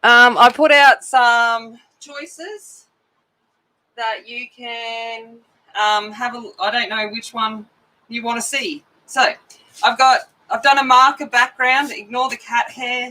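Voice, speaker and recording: A woman's voice: a little high, fairly even intonation, takes it slowly, pushed and bright, rough recording. A middle-aged woman hosting a coloring live stream, chatting casually and rambling as she greets viewers by name.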